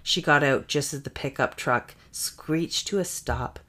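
A woman with a low voice reads a spooky, racy tale aloud for a comedy podcast. She narrates steadily and breaks in with playful jokes of her own. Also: a little slow, sharp tone. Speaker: podcast co-host reading a story. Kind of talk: comedic story reading with banter.

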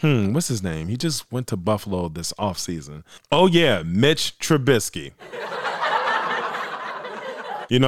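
A man hosting his own sports podcast, talking excitedly and repeating himself for emphasis, a little hoarse. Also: medium pitch, no echo, clean studio sound. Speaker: podcast host. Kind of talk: solo sports podcast commentary.

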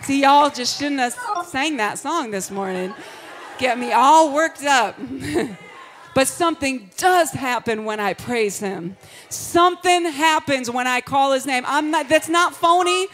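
A woman pastor giving an Easter sermon, moving from hushed, confiding talk to fervent shouted praise, breaking into sung phrases and frequent laughter. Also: high-pitched, lively intonation, measured pace, a faint crowd.

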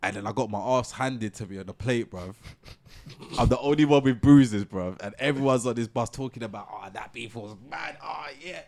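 A young man, telling a story on a podcast in animated slang. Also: mid-range voice, moderate pace, no room sound, clean studio sound. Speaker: podcast co-host. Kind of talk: casual storytelling chat.

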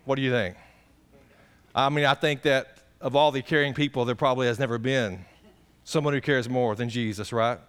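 A man's voice: medium pitch, steady tone, normal speed, a bit bright, clear, resonant tone. A man, a pastor preaching a folksy, conversational sermon and putting direct questions to the congregation.

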